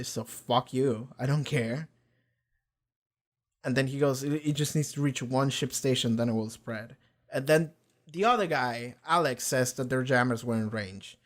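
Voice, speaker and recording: A man's voice: medium pitch, moderate pace. A young man hosting a casual reaction video, rambling through an episode with lots of fillers and swearing. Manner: loose and rambling, swears a lot, many fillers.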